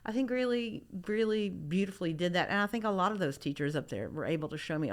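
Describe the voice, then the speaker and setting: A woman's voice: lowish voice, expressive, quick pace. A middle-aged woman artist from Memphis, talking casually in an interview, rambling with many restarts. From Memphis, Tennessee. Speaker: artist guest.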